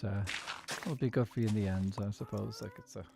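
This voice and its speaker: A man's voice: on the low side, steady tone, fast talker, gravelly, noisy background. A young man with a posher south Dublin accent, chatting casually and rambling while he plays a game on stream. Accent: Dublin (south side, posher). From Ireland. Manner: rambling, chatty, with many fillers and restarts. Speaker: gaming streamer.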